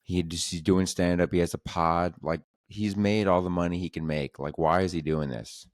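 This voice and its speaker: Deep-voiced man hosting a podcast. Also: steady tone, normal speed, dry recording, clean studio sound. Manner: crude, rambling, does mocking voices. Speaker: podcast host. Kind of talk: casual comedy podcast chat.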